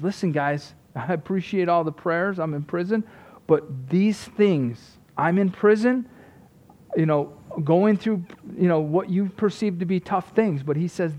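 A man in his thirties or forties gives an earnest sermon in a slightly high voice. He keeps restarting his sentences and checking in with "right?" as he goes. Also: darkish tone. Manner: earnest preaching with many restarts and rhetorical "right?". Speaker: pastor.

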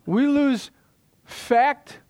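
A middle-aged man preaching a sermon as pastor, emphatic, repeating key phrases and dropping low for stress. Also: very slow, a little mellow.

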